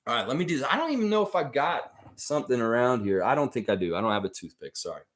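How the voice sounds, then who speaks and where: A man in his forties from Florida, hosting a casual fan livestream, talking in an excitable, profane, rambling way. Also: medium pitch, quick pace. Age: 40s. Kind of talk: casual sports fan commentary.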